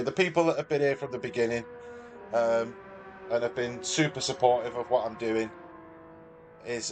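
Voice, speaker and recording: A medium-pitched, slightly mellow male voice with a Mancunian accent, this Manchester livestreamer chats casually with viewers and reads out their messages in a friendly, matey way.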